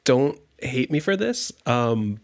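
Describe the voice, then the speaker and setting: A man's voice: mid-range voice, sing-song, slow. A man co-hosting a podcast, easygoing in casual chat. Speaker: podcast co-host.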